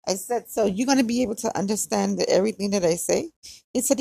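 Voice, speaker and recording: Chatty woman with a gravelly Hawaiian lilt. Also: medium pitch, fast talker, dark tone, dry recording. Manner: chatty, confiding, quotes others. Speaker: podcast host. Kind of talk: casual diary-style chat.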